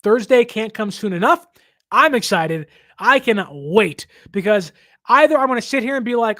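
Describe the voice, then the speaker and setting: An excitable sports podcast host talking through a game preview in a dry, close-miked voice. The delivery is casual and keen, with stammered restarts, and the pitch sits in a middle range. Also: normal speed, no room sound.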